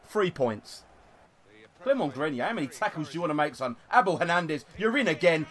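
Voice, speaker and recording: A young man commentating his own football video game, excitable, shouting at goals and swearing. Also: a little high, brisk. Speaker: gaming YouTuber. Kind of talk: gameplay commentary. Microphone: desktop USB microphone.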